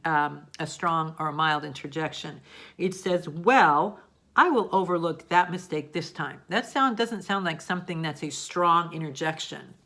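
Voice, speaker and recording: A woman teaching a grammar lesson, explaining patiently step by step and checking in often. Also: fairly low pitch. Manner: acts out example sentences with lively emphasis.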